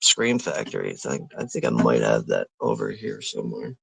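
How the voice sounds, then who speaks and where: Gravelly laid-back guy chatting on a stream. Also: a bass voice, wildly swooping pitch, normal speed, fairly bright tone, dry recording, rough recording. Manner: rambling, loose, many fillers and restarts; easygoing, chuckles often. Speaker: watch party stream host. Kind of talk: casual live-stream chat.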